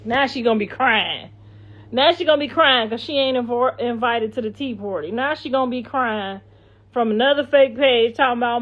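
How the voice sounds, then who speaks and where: A woman's voice: fairly high pitch, normal speed. Blunt middle-aged woman, lo-fi livestream. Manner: blunt, profane, sassy. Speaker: livestream host. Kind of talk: casual livestream chat, reading comments. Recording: dull lo-fi livestream audio.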